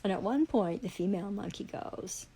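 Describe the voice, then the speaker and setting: Furious, profane woman, gravelly. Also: mid-range voice, normal speed, mellow, low-quality recording. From Canada. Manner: heavily profane, furious ranting. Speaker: livestreamer. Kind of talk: angry livestream rant.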